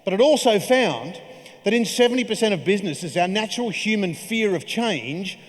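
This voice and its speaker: Keynote speaker in his forties, higher voice, chatty and jokey, long hall echo. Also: expressive, normal speed. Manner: jokey, conversational storytelling. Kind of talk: keynote speech. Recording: reverberant hall.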